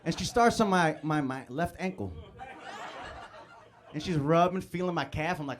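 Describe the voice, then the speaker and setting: A young man from Chicago doing a live stand-up set in a comedy club, telling a story with animated delivery and stammered restarts. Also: on the high side, moderate pace, long pauses, noisy background.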